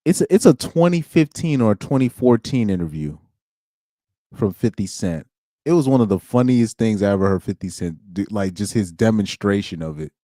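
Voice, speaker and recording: A man's voice: on the low side, expressive, moderate pace, warm tone, no echo, studio quality. A young man streaming alone, chatting casually in slang, rambling and laughing as he goes. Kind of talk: casual chat.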